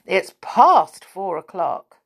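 A friendly storybook boy, read by a woman, calm and patient as he explains. His voice stays unhurried, with a lively lift in the pitch. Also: creaky, slightly rough, full character voice.

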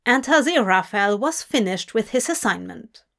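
A woman reading fanfiction aloud as an audiobook, telling the story slowly and deliberately. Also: medium pitch, lively intonation, creaky, fairly bright tone. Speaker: audiobook reader.

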